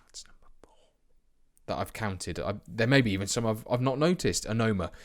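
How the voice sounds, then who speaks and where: A young man casually commentating his football management game, chatty and self-mocking, with sudden bursts of excitement. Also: fairly low pitch, brisk. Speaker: let's play host.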